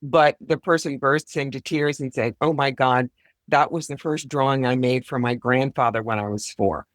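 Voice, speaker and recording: A woman's voice: extremely low pitch, normal speed, dry recording, clean studio sound. A woman being interviewed as a psychic guest, speaking bluntly with wry, self-deprecating humor. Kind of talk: conversational interview.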